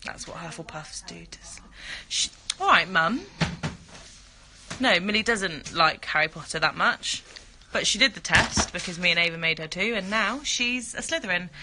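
A woman's voice: lowish voice, expressive, normal speed, noisy background. A woman hosting a casual phone livestream from a bedroom, chatting and answering fan comments. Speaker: livestream host. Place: indoors in a bedroom.

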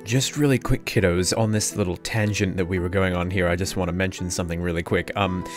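A man's voice: sits low, steady tone, brisk, soft background music. An Australian man hosting a tabletop game podcast after-show in casual, rambling chat. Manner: rambling, chatty.

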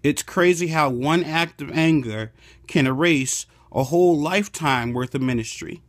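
Playful, preachy male vlog host; dry, close mic and a bright, higher voice. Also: normal speed, no room sound. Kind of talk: comedic devotional vlog.

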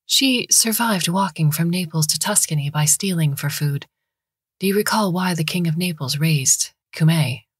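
A woman's voice: fairly low pitch, normal speed, slightly rough, no room sound, studio quality. A woman voicing a tiny oracle creature that lives in a vase, speaking in a faint, metallic, earnest whisper. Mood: urgent.

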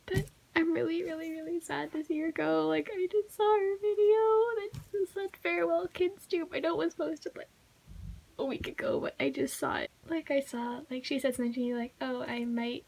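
A woman's voice: sits high, brisk, darkish tone, rough recording. A woman vlogger talking casually to her viewers, rambling with lots of "like" fillers. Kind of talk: casual vlog.

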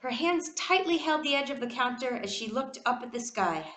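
A woman reads a children's storybook aloud with animated expression. Her voice sits fairly high and moves widely, and an echoey room surrounds it. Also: moderate pace. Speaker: reader.

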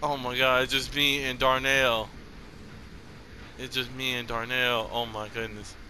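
A man hosting his gaming channel, giving casual gameplay commentary with loud, excitable, repeated exclamations. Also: mid-range voice, measured pace, background noise. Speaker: gaming YouTuber host.

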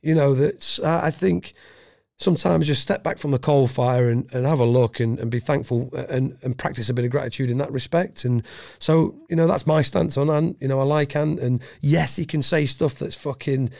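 A man's voice: mid-range voice, moderate pace, gravelly, a little mellow, dry recording, clean studio sound. A middle-aged man from England, a former special forces guest on a podcast, talking bluntly and casually with heavy swearing. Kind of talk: casual interview chat.

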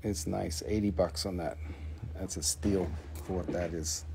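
This deep-voiced host, with vocal fry, talks at a measured pace in a steady tone against a noisy background. He's running a live stream selling minerals, holding up stones, quoting prices and joking in a chatty sales manner.

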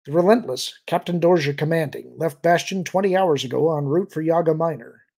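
Crisp intel officer on a starship bridge, narrator-voiced, raised and gravelly. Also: male voice, on the high side, a little fast, darkish tone, pitched above the performer's own voice. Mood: reporting. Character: brisk male intelligence officer reporting.

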